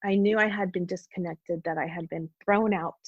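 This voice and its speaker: Woman guest, husky, heartfelt testimony, dull dry podcast sound. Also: on the low side, steady tone, normal speed, no echo. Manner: earnest, heartfelt storytelling. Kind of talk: personal testimony in conversation.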